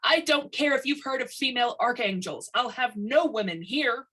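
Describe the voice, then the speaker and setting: A woman voicing a big, gruff male construction superintendent in a science fiction story, blunt and blustering. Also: on the high side, animated, normal speed, a bit bright, pitched above the performer's own voice. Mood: yelling.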